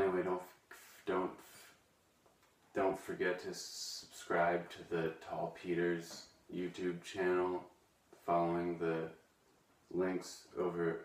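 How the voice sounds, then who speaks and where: A man playing an awkward, touchy video host who reads a bitter poem aloud in a deadpan way and then rambles hesitantly with many ums. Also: low voice. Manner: hesitant, full of ums and restarts. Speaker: comedy sketch character, hosts a web video. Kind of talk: deadpan comedic poem reading and rambling monologue. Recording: echoey room, voice from a distance.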